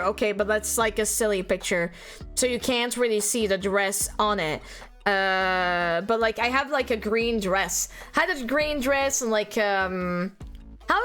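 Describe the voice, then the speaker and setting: A woman's voice: a little high, fairly bright tone. A young woman from France, a native French speaker, chatting casually with her stream viewers, laughing often and swearing as she talks. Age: young adult.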